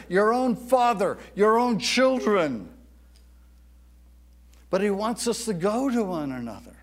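A man with a high voice preaching a sermon at an unhurried pace. He lingers on emphatic phrases and leads the congregation in call-and-response recitation. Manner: deliberate, with emphatic slowed phrases. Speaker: pastor.

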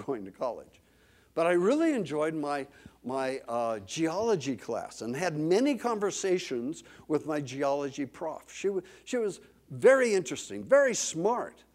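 A man preaching a sermon, reading scripture dramatically and telling a lively personal story. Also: fairly high pitch.

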